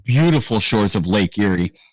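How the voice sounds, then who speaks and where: Low-voiced man in a dry room. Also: animated, fairly quick, no room sound, poor audio. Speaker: podcast co-host. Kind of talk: casual chat.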